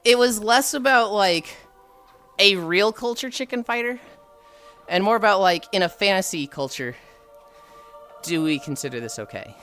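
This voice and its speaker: Rambling streamer woman with lively pitch. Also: normal speed, long pauses, clean tone. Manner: rambling, thinking aloud, frequent sighs. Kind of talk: casual live-stream chat, reading chat aloud. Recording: faint music behind.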